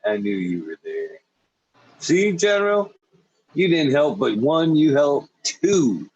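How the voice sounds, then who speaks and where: A young man hosts a loose late-night podcast in a slow, husky drawl. He is laid-back and swears freely, breaking into teasing voices between laughs. The tone stays casual throughout. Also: on the high side, very animated, darkish tone, dry recording, highs cut off. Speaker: podcast host.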